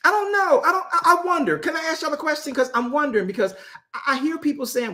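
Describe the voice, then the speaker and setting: A man's voice: extremely high pitch, fast. A man leading a Bible study as its apostle, joking with his group, often repeating and restarting his phrases. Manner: joking, animated, talks straight to the group. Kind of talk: casual Bible study teaching.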